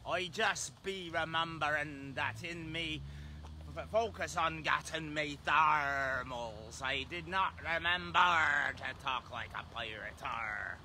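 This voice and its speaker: A man's voice: a little high, takes it slowly, pushed and bright, a little hiss or hum, heavily acted. A man putting on a jokey pirate captain voice, growling "arr" in a playful, hammy way.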